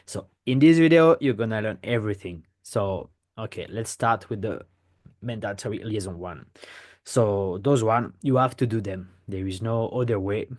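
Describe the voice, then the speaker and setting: A man's voice: on the low side, moderate pace, a little mellow. French man explaining things step by step. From France. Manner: explains step by step, often checks in with "okay?". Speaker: French teacher. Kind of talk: pronunciation lesson to camera.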